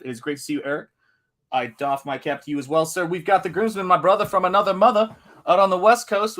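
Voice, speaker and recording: A man's voice: on the high side, a bit bright. A man hosting a live art stream in a casual, upbeat way, greeting chat viewers one by one. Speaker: livestream host.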